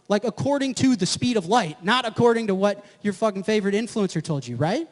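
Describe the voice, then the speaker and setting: A man's voice: high-pitched, animated, a little fast, few pauses. A man giving a live presentation at an event, brash and profane, who keeps checking with the audience. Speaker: conference presenter. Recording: echoey hall with long reverb.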